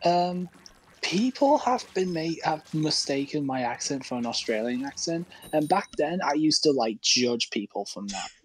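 A man's voice: fairly high pitch, normal speed, slight background noise, low-quality recording. A British man chatting casually during a game, who often repeats his words as he gets going. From United Kingdom. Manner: stammering, repeats words when excited. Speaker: guest gamer. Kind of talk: casual chat while gaming.

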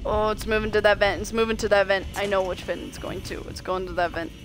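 Over background music, a fast-talking woman with a medium pitch and fairly even intonation comments on her live-streamed gameplay. Her accent is slightly Southern US, and she chats along while answering the game back.

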